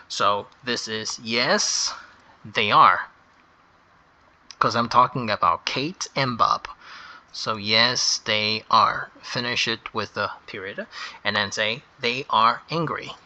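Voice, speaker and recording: A man walks through a grammar lesson at a very slow, deliberate pace. His voice is bright and sharp, and he leans on the key words as he explains. The delivery is patient and step by step. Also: mid-range voice. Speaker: English grammar teacher.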